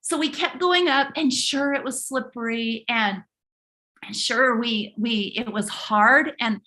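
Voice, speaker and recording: A middle-aged woman hosting a live online workshop, telling a story in an animated way, speaking directly to her audience with frequent restarts. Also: fairly high pitch, slow pace. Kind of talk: live webinar storytelling talk.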